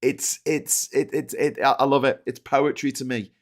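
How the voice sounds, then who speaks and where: A man's voice: mid-range voice, level tone, normal speed. A man hosting a livestreamed news show, ranting in exasperation about the day's stories and reading out viewer chats.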